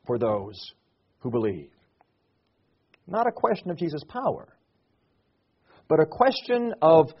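A middle-aged male pastor preaching a sermon, rising to loud emphatic declarations and dropping to soft, hushed reflection. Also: medium pitch, slightly rough, dull audio.

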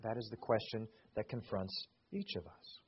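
A man's voice: lowish voice, big pitch swings, moderate pace, dull audio, slight background noise. A man preaching a sermon. His cadence rises and falls, and he repeats words as he builds a point. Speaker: pastor.

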